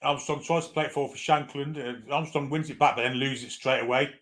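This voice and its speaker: A man's voice: mid-range voice, fairly even intonation, quick pace, fairly bright tone. A man giving live fan commentary on a football match, irreverent, swearing freely and reading out viewer comments.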